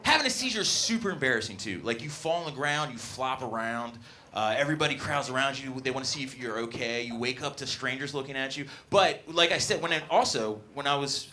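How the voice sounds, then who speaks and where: Lively, bright-voiced young male comedian. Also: mid-range voice, a little fast, a little hiss or hum. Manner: loud, upbeat crowd work. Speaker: stand-up comedian. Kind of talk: stand-up comedy set. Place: comedy club stage.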